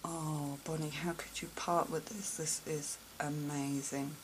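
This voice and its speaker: A woman showing gifts on camera in a casual vlog, gushing with soft exclamations and whispers of awe. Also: deep voice, little pitch movement, measured pace, a little hiss or hum, low-quality recording. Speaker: vlogger unboxing gifts. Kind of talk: casual show-and-tell unboxing.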